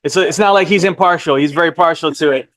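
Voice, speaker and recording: A man's voice: on the high side, a bit bright. A man teaching a live real estate licensing class, stretching out key terms and quizzing the class. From United States. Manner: drawn-out emphasis on key terms, asks the class questions.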